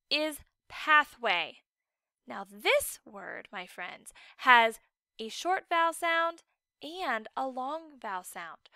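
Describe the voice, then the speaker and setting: A high-pitched woman teaching a phonics lesson to children in a slow, careful way. Her voice is bright and smooth, and each word is stretched and overpronounced. She sounds patient and encouraging, recorded dry and close. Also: no room sound. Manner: slow, exaggerated enunciation of words.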